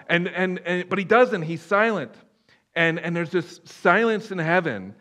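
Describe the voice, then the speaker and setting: A male pastor preaching a sermon in a church room. His voice sits a little higher than most men's, and he swings between loud, emphatic bursts and hushed, low passages, often restarting his sentences. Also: normal speed.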